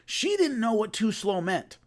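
A man's voice: sits high, big pitch swings, a little slow. A man casually telling a long rambling story about filming, with many restarts. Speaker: host recalling filming a fight show.

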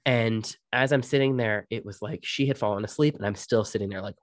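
A young man co-hosting a podcast, casually telling ghost stories and swearing freely in relaxed chat. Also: fairly low pitch, fast, hardly any pauses, no room sound, studio quality. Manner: relaxed, swears freely, quotes others in his own voice. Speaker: podcast co-host.

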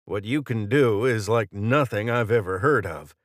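A gruff, brusque mercenary, as a man puts him on for an audiobook. The voice sits fairly low and comes across dry and close. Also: normal speed, dry recording, close to an everyday voice.

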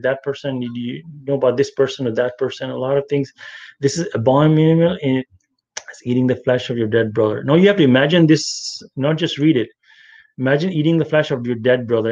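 A man's voice: mid-range voice, warm tone, muffled recording. A man leading an online religious study group, talking earnestly and repeating phrases for emphasis. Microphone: online voice chat.

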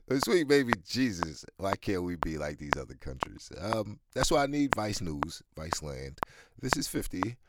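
A man's voice: sits low, vocal fry. A man hosting his own podcast, talking candidly in a rambling way and swearing freely. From United States. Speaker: podcast host. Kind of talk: casual solo podcast monologue. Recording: loud background noise.

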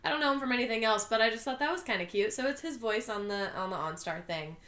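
A woman in a casual chat, retelling a film plot in a quick, playful, giggly way. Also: fairly high pitch, animated, a bit bright, reverberant. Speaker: podcast co-host.

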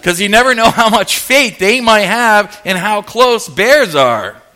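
A male pastor preaching a sermon, telling a story with jokes and animated energy. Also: high-pitched, a little slow.

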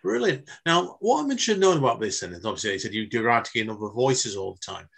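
A man's voice: mid-range voice, very animated, fast talker, gravelly, a bit bright, slight background noise. A man interviewing a guest in a chatty, enthusiastic, loosely phrased way. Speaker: podcast interviewer. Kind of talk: casual interview chat.

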